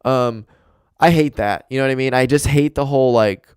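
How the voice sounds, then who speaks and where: Smooth-voiced young man ranting casually. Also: mid-range voice, brisk, dry recording, studio quality. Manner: rambling, swears a lot, excitable. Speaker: podcast host. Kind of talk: casual solo chat. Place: home room with dog and carpet. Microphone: desk mic and camera.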